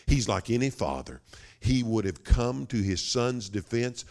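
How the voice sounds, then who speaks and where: A man preaching a sermon as pastor, dramatic, slowing down for emphasis and dropping to a whisper. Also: medium pitch, lively intonation, gravelly, a little mellow. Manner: dramatic, with sudden drops to a whisper and slowed emphasis.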